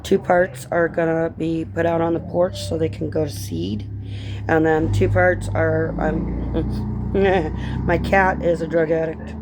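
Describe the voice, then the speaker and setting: A woman who grew up in Colorado, talking casually in a rambling vlog chat that drifts between tangents and gentle encouragement. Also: deep voice, fairly even intonation, slow, background noise. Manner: chatty, tangent-prone, encouraging. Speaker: vlogger and author.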